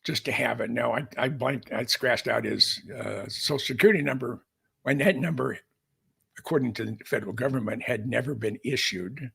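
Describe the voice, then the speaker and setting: A man's voice: mid-range voice, moderate pace, creaky, a bit bright, slightly rough. An older man, a podcast guest, telling a long story in a folksy, rambling way with many restarts. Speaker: podcast guest, aviation historian. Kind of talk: storytelling in casual conversation.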